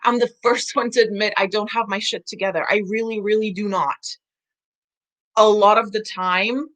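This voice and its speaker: A woman's voice: mid-range voice, fairly even intonation, a bit bright. Blunt, swearing woman coach. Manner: frank, emotional, heavy swearing and quick laughs. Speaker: business coach hosting a live stream. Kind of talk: casual live-stream chat reading comments.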